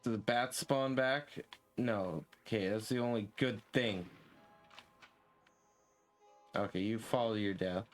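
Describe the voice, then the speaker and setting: A man's voice: fairly low pitch, moderate pace, soft background music. A man streaming a game live, talking casually and venting his frustration with swearing and rants, from a room at home. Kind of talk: casual live gameplay commentary. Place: home room with window open.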